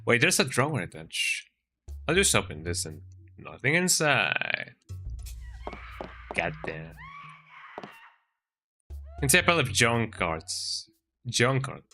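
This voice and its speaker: A man chats his way through a video game on stream, with a very bright, ringing tone and a pitch that jumps around freely. He jokes constantly, reads the on-screen text aloud and keeps ending lines with a questioning "eh?". Faint game music plays underneath. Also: sing-song, takes it slowly, pauses often. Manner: chatty, jokey, tags lines with "eh?". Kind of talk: let's-play commentary.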